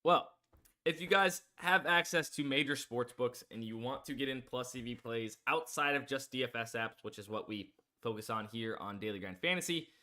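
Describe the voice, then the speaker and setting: Man, sports betting stream host, bright tone, mid pitch, casual rambling chat. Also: normal speed. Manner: rambling, filler-heavy, promo-pushing. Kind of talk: casual live stream commentary.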